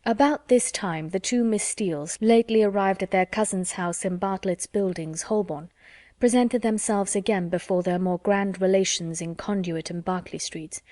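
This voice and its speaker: A woman reads a classic novel aloud in a measured, even storytelling manner. Her voice sits at a middle pitch. The sound is close and dry. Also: no echo. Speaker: audiobook narrator. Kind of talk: classic novel audiobook narration.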